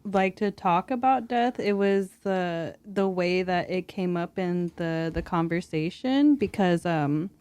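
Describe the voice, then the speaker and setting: A woman's voice: lowish voice, a little slow, hardly any pauses, a little mellow, smooth. A young woman, a mother, talking reflectively as a podcast guest in casual chat, with lots of filler words.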